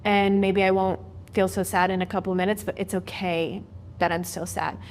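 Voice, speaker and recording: A woman's voice: mid-range voice, flat delivery, brisk, a little hiss or hum. A young woman in her twenties, a podcast guest, speaking thoughtfully and reflectively in a candid conversation.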